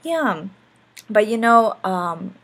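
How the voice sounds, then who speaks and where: A woman talks loosely to her viewers, stringing thoughts together with a steady stream of fillers. Her voice has an ordinary pitch for a woman, and the delivery is relaxed and unscripted. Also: slow. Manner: rambling, heavy on fillers. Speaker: vlogger. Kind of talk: casual talk to camera.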